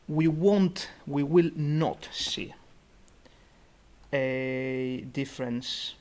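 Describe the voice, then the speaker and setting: Slow, halting young man reviewing trades. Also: fairly high pitch. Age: young adult. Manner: halting, thinking aloud with many fillers. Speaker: student investment society organiser. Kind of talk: virtual meeting portfolio review. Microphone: computer mic on a video call.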